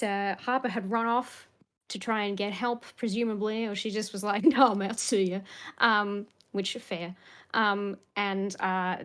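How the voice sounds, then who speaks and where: A woman casually recapping a tabletop game session in a rambling, jokey way with lots of fillers. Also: medium pitch.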